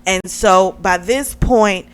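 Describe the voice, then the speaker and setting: A woman reviewing a book, retelling the plot in a chatty, animated way and often saying "like". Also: mid-range voice, slow pace, clear, resonant tone. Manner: chatty and animated, heavy use of "like", laughs often. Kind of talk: casual plot recap.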